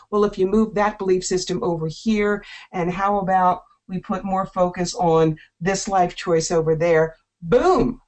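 A woman from South Jersey hosting a call-in radio show, talking in a brisk, playful, chatty way. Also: fairly low pitch, darkish tone. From South Jersey, USA.

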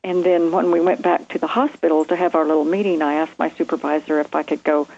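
A woman's voice: low voice, fast talker. Woman telling a story over a muffled line. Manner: animated, vivid storytelling with acted quotes. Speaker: guest, nurse. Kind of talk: storytelling in a conversation.

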